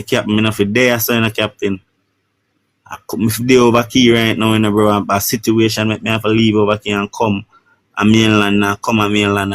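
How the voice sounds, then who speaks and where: Jamaican man, deep-ish and flat, recounting an ordeal with emotion, dry close mic. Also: dry recording. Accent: Jamaican Patois. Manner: emotional, keeps adding "you know, bro". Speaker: shipwreck survivor. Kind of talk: personal account in an interview.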